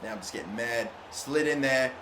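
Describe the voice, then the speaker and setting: A young man commentating his own football video game, swearing constantly and bursting into loud, frustrated outbursts. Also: mid-range voice, moderate pace. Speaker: gaming YouTuber. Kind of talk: live gameplay commentary. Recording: echoey room, faint background noise.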